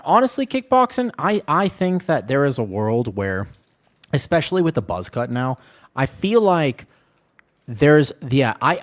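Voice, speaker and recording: Animated man chatting on a game stream. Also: mid-range voice. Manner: animated, jumpy banter with chat. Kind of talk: casual chat while gaming.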